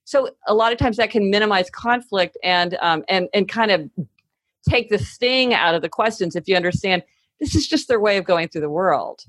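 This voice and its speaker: A woman's voice: medium pitch, normal speed, fairly bright tone, no room sound. Emphatic middle-aged woman in a dry studio. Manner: emphatic, acts out quoted voices while explaining. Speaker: author and podcast guest. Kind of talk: casual interview conversation.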